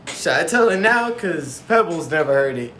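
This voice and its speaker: A man's voice: a little high, sing-song, moderate pace, pushed and bright, reverberant, a little hiss or hum. A man hosting a casual podcast, brash and joking with heavy slang. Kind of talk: casual chat.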